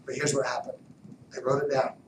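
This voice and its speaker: A man giving a motivational talk, telling stories animatedly, dropping to whispers and then bursting out loud. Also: medium pitch, level tone, a little fast, slight background noise. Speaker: motivational speaker. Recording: roomy distant mic with background ambience.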